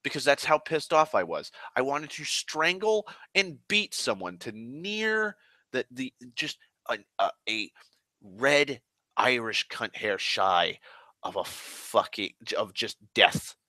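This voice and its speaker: Male ranter, forceful voice, dry sound, furious and foul-mouthed storytelling. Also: mid-range voice, very animated, no echo. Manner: angry, heavily profane ranting; dramatic pauses and repetition. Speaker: online ranter. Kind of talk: casual storytelling rant.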